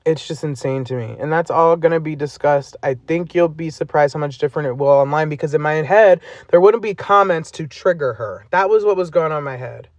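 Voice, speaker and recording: A man's voice: a little high, brisk, hardly any pauses, no room sound. Exasperated man ranting on a live stream. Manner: exasperated, recounting messages aloud. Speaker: livestreamer. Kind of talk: casual ranting livestream. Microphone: phone.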